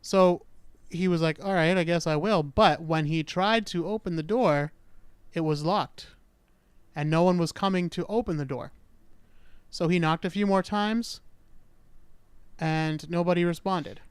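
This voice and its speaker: Chatty higher-voiced male podcast host. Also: measured pace, smooth, no room sound. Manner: chatty, self-mocking. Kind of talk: casual storytelling of a true-crime case.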